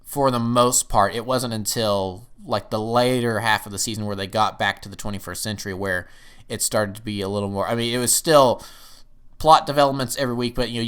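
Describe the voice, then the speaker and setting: A man reviewing a TV episode in casual talk. He rambles and sometimes jumps up excitedly. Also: on the low side, clean tone.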